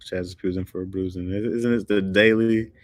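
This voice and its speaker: A man's voice: deep voice, fairly even intonation, normal speed, no echo, clean studio sound. A man in his thirties chatting casually and jokingly, laughing often and acting out quotes. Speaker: streamer talking to chat. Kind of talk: casual chat.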